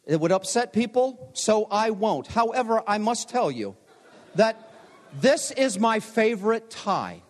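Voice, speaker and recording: Older pastor guy preaching in a big chapel, fairly high voice, jokey storytelling, long echo trailing off. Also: big pitch swings, unhurried. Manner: storytelling, self-deprecating humor. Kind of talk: homecoming chapel sermon. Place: large chapel. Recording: long hall reverb.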